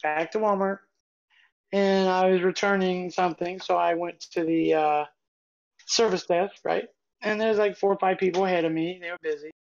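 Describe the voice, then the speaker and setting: An older woman co-hosting a podcast tells a story in a chatty, meandering way, restarting her sentences as she goes. Her voice has a gravelly, fry-tinged texture. The sound comes through a dull, muffled live-stream feed. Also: lowish voice, fairly even intonation, normal speed, a little mellow. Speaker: podcast co-host. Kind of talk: casual storytelling chat.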